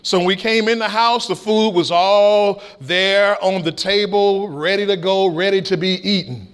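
A middle-aged man preaching a sermon, with shouted peaks and folksy stories. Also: high-pitched, fairly even intonation, moderate pace, clean tone. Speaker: pastor.

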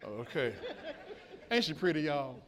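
Male pastor, high voice, call-and-response preaching that swings from soft to loud. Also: lively intonation, measured pace. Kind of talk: sermon with a live illustration.

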